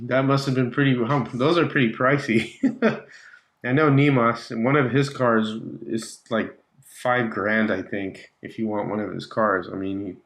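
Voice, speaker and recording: A man's voice: fairly low pitch, creaky. A man hosting a casual livestream, chatting with viewers and reading their comments, laughing often and trailing off mid-thought. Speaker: livestream host. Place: home slot car track room.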